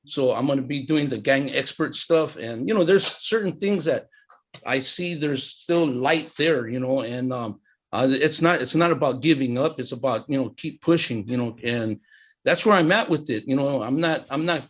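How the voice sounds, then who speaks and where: Halting man on a video call. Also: mid-range voice. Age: middle-aged. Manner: halting, many restarts and fillers. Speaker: group participant. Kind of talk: support group sharing on a video call. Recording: slightly dull video-call audio.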